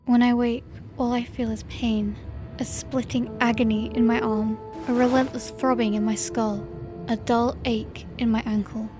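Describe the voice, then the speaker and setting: Higher-voiced woman narrating a horror story. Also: flat delivery, moderate pace, mellow. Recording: music bed behind the voice.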